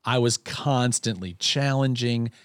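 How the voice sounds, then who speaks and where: A man's voice: medium pitch, measured pace, clear, resonant tone, dry recording. A man in casual conversation, telling a self-deprecating childhood story with lots of restarts.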